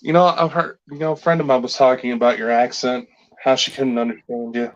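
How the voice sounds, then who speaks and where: A man's voice: medium pitch, steady tone, fairly quick, muffled recording. A man co-hosting a show, making dry teasing jokes at his co-host in casual chat. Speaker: podcast co-host. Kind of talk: casual banter.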